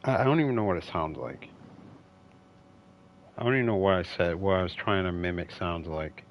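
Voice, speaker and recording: A man's voice: low-pitched, lively intonation, a little fast, highs cut off, a little hiss or hum. A man streaming a video game, giving casual, rambling, self-deprecating commentary.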